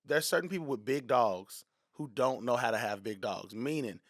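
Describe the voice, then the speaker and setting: A man and comedian chatting casually on a podcast, telling animated stories and acting out little voices. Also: medium pitch, moderate pace, no room sound, clean studio sound. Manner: animated storytelling, acts out voices.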